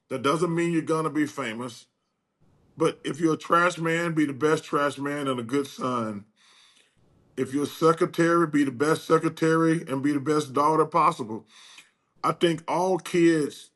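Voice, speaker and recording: Older man, animated storyteller. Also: a little high. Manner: animated, acts out quoted dialogue. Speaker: guest. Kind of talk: casual storytelling chat.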